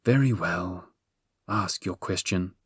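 Crafty female sphinx, read by a male narrator, low, slow and stately, audiobook, dry read. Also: warm tone, no echo, close to an everyday voice. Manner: slow, stately riddling speech. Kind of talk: audiobook character voice.

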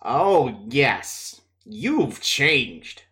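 A man reading the part of a feverish, sly young man who rasps out taunting, suspicious questions. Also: medium pitch, very animated, drawn-out words, pushed and bright, full character voice. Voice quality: hoarse, rasping.

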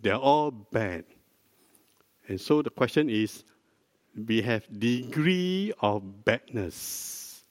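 An older man, a pastor, preaching a sermon in a slow, deliberate teaching manner, prompting the congregation with questions. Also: medium pitch, lively intonation. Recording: dry close mic with long hall reverb.

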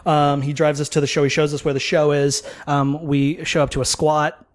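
A man's voice: a little high, moderate pace. A man telling a rambling tour story in casual chat, swearing freely and acting out what people said. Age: older than mid-twenties. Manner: profane, animated storytelling with acted-out quotes.

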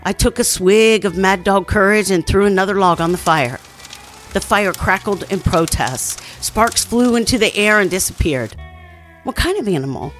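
A woman reading a first-person scary campfire story as scripted narration, at a steady storytelling pace. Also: mid-range voice, moderate pace. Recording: faint music underneath.

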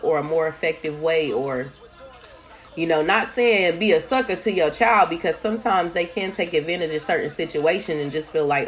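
A woman who is a single mother, talking in a casual, conversational way about raising her kids, with plenty of "you know" and "like" asides. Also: on the low side. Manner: conversational, with many fillers and asides. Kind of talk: casual advice monologue.

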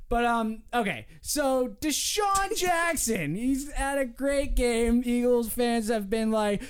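A man's voice: very high voice, animated, unhurried, hardly any pauses, clean tone. A man hosting a casual sports podcast, ranting with profanity and animation. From Philadelphia area. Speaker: podcast host.

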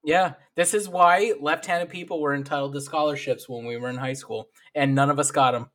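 A man co-hosting a casual podcast, reacting with jokes and quick asides. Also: a little high. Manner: animated, joking reactions. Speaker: podcast co-host. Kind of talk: casual chat.

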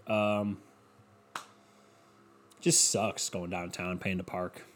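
A man's voice: deep voice, little pitch movement, very slow, fairly bright tone. A man rambling through a casual solo monologue at home, swearing often and putting himself down. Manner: rambling, profane, self-deprecating.

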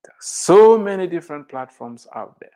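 An emphatic motivational speaker addresses the crowd, hammering points home by repeating them. The delivery swings between loud declarations and quiet asides, driven by rhetorical questions. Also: mid-range voice, animated, normal speed. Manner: emphatic, repeats lines for effect.

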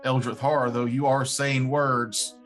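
A man trades wry jokes during a tabletop-game session, keeping a dry, teasing tone. His voice is mid-pitched, with faint music underneath. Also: flat delivery, a little slow, fairly bright tone. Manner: wry, joking. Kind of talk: casual chat in a tabletop game podcast.

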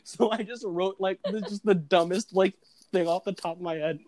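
A young man with a high-pitched, slightly mellow voice talks at a normal speed. He's a student retelling his comedy sketch in casual chat, rambling, packing in "like" fillers and laughing at his own story.

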